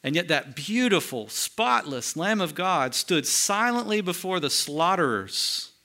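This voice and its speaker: A man preaching from the pulpit with a bright, forceful tone. He moves between lively, emphatic stretches and hushed, slowed-down solemn passages, speaking straight to the congregation. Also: sits high. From United States. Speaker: pastor. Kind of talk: sermon.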